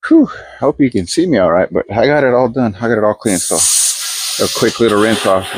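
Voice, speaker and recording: Outside by his garage, an older vlogger works on a fridge and chats into his phone camera for a casual day-in-the-life vlog. His husky voice sits on the low side, expressive and brisk. He rambles in an easygoing way, talking to himself while working.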